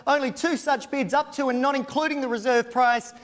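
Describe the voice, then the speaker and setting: A man working as an auctioneer, reading out auction terms and pitching a property with confident, formal, fluent patter. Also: fairly even intonation, fairly quick, fairly bright tone. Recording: long hall reverb.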